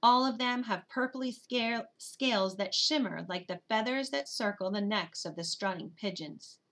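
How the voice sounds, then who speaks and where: Bright-voiced woman narrating a storybook. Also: a little high, moderate pace. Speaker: audiobook narrator. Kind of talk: first-person storybook narration.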